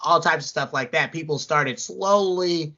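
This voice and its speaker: A man's voice: on the high side, measured pace. A young man, chatting casually as a podcast co-host and telling profane stories. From American South. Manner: animated, profane storytelling with mocking impressions. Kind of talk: casual chat. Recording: dull lo-fi audio.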